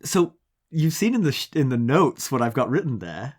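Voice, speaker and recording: A man's voice: normal speed, husky. A man with an English accent, co-hosting a podcast and telling a long anecdote in casual chat. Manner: chatty storyteller, animated pitch, mimics accents in quotes. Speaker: podcast co-host.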